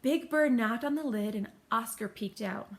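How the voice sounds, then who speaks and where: A woman reading a children's storybook aloud in a gentle, steady manner. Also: on the high side, moderate pace.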